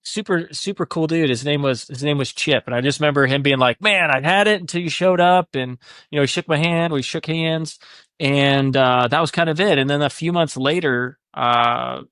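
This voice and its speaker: A man's voice: on the high side, a bit bright, clear, resonant tone, no room sound, clean studio sound. A podcast host in casual chat, animatedly telling a story and acting out the voices he quotes. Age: adult, divorced four years ago.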